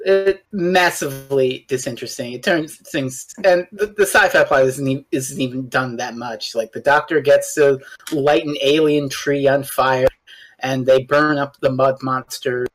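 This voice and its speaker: A podcast guest in a casual review chat, talking in an animated, blunt way and swearing casually. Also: medium pitch, unhurried.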